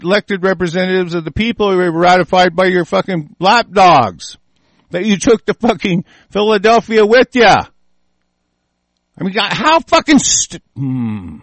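A man tears into his targets in a heated, foul-mouthed rant, combative and relentless. His voice sits a touch high for a man. The sound is dry and close, with no room echo. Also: fairly bright tone. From United States. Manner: profane, heated, combative, swears constantly. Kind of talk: angry political rant.

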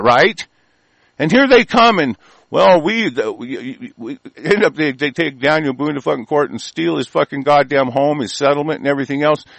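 Enraged profane male ranter, slightly high voice, stammering, dry close recording. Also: gravelly, no room sound, low-quality recording. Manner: shouting, cursing, stammering repetitions. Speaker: ranting commentator. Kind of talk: profane angry rant.

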